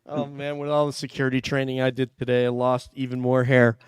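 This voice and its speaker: A man's voice: mid-range voice, completely flat delivery, fairly quick, clear, resonant tone, no echo, clean studio sound. A man hosting a casual livestream panel, reading out viewer donations in a chatty, joking way. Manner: chatty, jokey, thanks viewers warmly. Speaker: host reading super chats.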